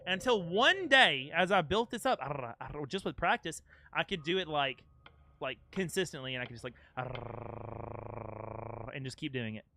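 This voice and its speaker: A man's voice: fairly high pitch, lively intonation, brisk, noisy background. A young man streaming a game, chatting casually and playfully with his chat. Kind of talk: casual live-stream chat over gameplay.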